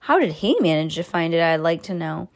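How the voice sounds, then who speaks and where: A woman's voice: low-pitched, sing-song, a little fast. A woman reading a story aloud, voicing a large boy complaining angrily. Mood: resentful. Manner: angry, complaining.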